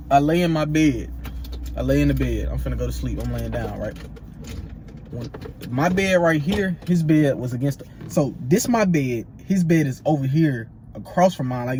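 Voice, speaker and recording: A man in his twenties telling a story in an animated, slangy way, repeating himself for emphasis. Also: a little high, slight background noise. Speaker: vlogger. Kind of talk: storytime vlog.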